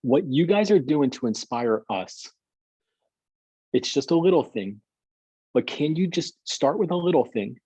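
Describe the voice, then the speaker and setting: Male pastor, storytelling, repeats himself. Husky, mellow tone, muffled dry call audio. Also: on the high side, expressive, measured pace, pauses often, no room sound. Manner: rambling, repeats words and restarts. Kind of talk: storytelling in a video call interview.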